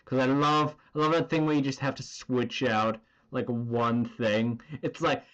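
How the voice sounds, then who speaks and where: A man's voice: mid-range voice, level tone, measured pace, a bit bright, clear, resonant tone, muffled recording. A man chatting casually on a drawing stream, rambling and swearing as he goes. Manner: rambling and profane, full of filler words.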